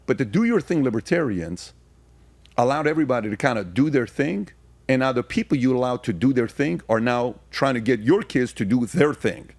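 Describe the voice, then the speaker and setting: A man's voice: medium pitch, expressive, a little fast, a little mellow, no echo. A man who is a guest on a podcast, telling stories in casual conversation. He turns emphatic and asks rhetorical questions when he argues. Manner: storytelling, turning emphatic and rhetorical when arguing.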